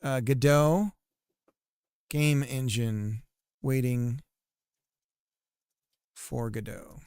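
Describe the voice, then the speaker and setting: A man's voice: medium pitch, extremely slow, a little mellow, clean tone, dry recording, studio quality. A man game developer livestreaming, chatting casually while coding, rambling and self-mocking with frequent laughs.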